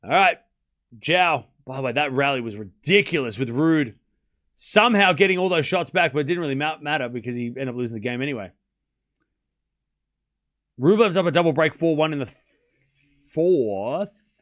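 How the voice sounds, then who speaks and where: A man with a fairly high, bright and forceful voice hosts a live tennis watchalong. He calls each shot in quick bursts of play-by-play. Between points he chats casually with his viewers and swears offhand. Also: lively intonation. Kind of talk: casual live play-by-play commentary with chat asides.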